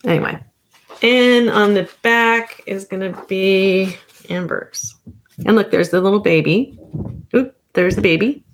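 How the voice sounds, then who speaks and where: A woman's voice: medium pitch, measured pace, a little hiss or hum. A woman in her fifties, a therapist, chatting casually on a livestream, rambling and correcting herself with small chuckles. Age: 50s.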